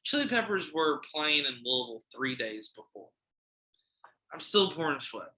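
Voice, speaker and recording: Man, podcast host, casual storytelling, animated, profane, bright sharp voice, echoey room. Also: on the high side, moderate pace. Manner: animated, profane storyteller who acts out quotes.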